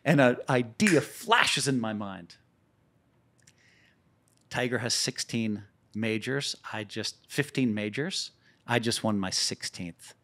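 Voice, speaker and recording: A man as a guest on a podcast, telling lively stories in casual, profane talk that stumbles and restarts. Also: medium pitch, slow pace. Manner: animated, profane, repeats words as he restarts. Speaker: poker player guest. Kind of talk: casual storytelling.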